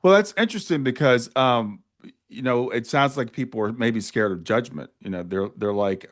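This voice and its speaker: A man's voice: mid-range voice, expressive, moderate pace. A man hosting an interview, reflective and thoughtful, summing up what his guest says. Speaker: podcast host. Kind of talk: interview conversation.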